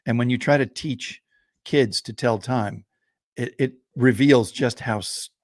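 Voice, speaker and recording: A man who is a podcast co-host and storyteller, telling a joke in a lively, chuckling way. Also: mid-range voice, unhurried, dry recording, studio quality.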